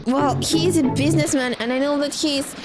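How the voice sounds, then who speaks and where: Excitable, high-voiced woman reacting to a film. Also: moderate pace, loud music behind the voice. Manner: excitable, emotional running commentary. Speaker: movie reactor. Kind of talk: casual movie reaction.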